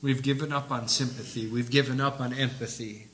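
A man preaching a sermon as a visiting missionary, impassioned and swinging from soft to loud emphasis, chuckling between points. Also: mid-range voice, steady tone, a little fast, slight background noise. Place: church sanctuary. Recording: echoey church room.

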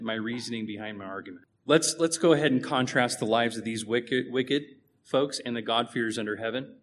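A man's voice: medium pitch, a bit bright, a little hiss or hum. A man preaching a sermon, emphatic and conversational, putting rhetorical questions to his congregation.

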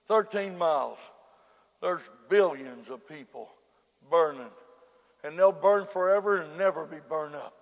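A man preaching a hellfire sermon, dropping to hushed murmurs and then breaking into fervent shouts. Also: sits high, lively intonation, measured pace, long pauses. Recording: long reverb of a large hall.

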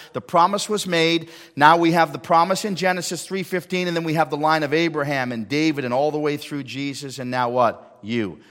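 Preaching man in a reverberant church. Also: fairly high pitch. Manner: dynamic preaching, swings from hushed to loud. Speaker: pastor. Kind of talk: sermon. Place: church sanctuary. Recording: long hall reverb.

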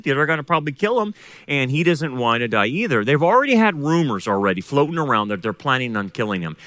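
A man's voice: mid-range voice, bright, forceful tone, no room sound, clean studio sound. A middle-aged man preaching a sermon as pastor, asking the congregation rhetorical questions.

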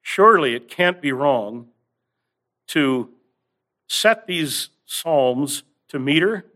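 Earnest male preacher, slightly high voice. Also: sharp tone. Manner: earnest, builds emphasis with rising stress and drawn-out words. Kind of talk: sermon.

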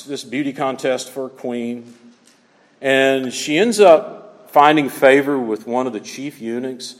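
Expressive male preacher with a lively delivery, recorded with long reverb in a church hall. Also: mid-range voice. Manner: expressive preaching, acts out little scenes. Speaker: pastor. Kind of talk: sermon.

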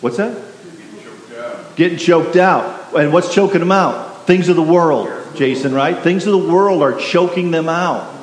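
A pastor preaching a sermon, emphatic and repetitive, putting questions to the congregation. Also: male voice, on the high side, a little slow. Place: church sanctuary. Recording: echoey hall with faint hiss.

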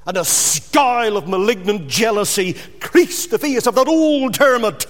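A man preaching a sermon dramatically, swinging between loud emphasis and hushed drops. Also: high-pitched, big pitch swings, measured pace, few pauses, in a large hall.

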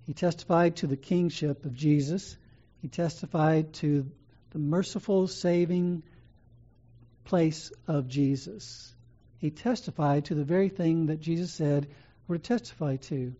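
Earnest preacher with a mellow voice. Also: mid-range voice, a little slow, muffled recording. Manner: earnest, repeats key phrases, emphatic build-ups. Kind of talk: sermon.

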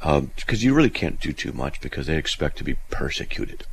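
A man hosting a call-in radio show, telling a story in a lively, animated way with many restarts. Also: extremely low pitch, a little fast, creaky, slight background noise, low-quality recording. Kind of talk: casual call-in radio talk.

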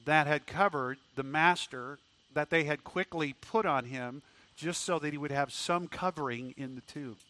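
A pastor preaching a sermon swings between loud, rising questions and hushed, low tones. He often repeats words as he restarts his sentences.

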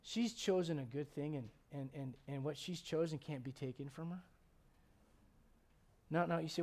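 A man's voice: a little high, moderate pace, pauses often, darkish tone. A middle-aged male pastor preaching a sermon with humor and many rhetorical questions.

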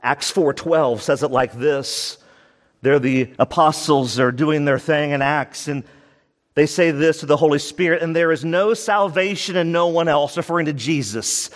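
A man preaching with fervor, his pitch sitting a little high and leaping up on the key words before dropping to a hush. The sound rings with a long reverb, as in a large hall. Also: moderate pace. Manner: fervent preaching with big pitch swings. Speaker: pastor. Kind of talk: sermon.

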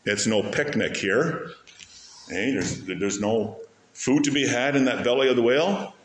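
A man preaching a sermon as pastor, with animated delivery that rises sharply to stress key words. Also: mid-range voice, unhurried, echoey room.

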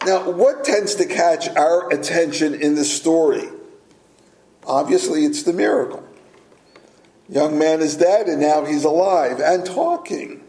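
A man preaching a sermon as pastor, speaking deliberately and pausing for emphasis. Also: a little high, a little mellow. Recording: echoey room.

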